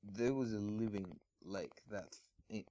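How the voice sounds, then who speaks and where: A man reads fan fiction aloud in a casual, amused way, chuckling and stumbling over his words. His voice is low and his pace very slow. The sound is dry and close, as from a mic at home. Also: warm tone, dry recording.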